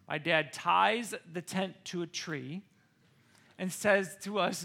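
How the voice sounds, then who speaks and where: A man with a very high, bright voice tells a personal story to a crowd. He keeps turning to his listeners with quick checks like "okay?" and "right?". His tone is lively, with a ringing edge. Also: creaky. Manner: addresses listeners directly with frequent "okay?" and "right?". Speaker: speaker telling a personal story to an audience.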